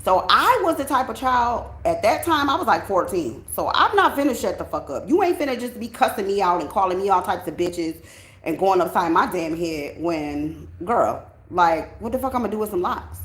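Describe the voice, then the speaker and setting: A woman's voice: mid-range voice, normal speed. Blunt, cussing woman in an echoey room. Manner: blunt, heavy cursing, animated storytelling. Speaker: tarot channel host. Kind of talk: casual storytelling to viewers.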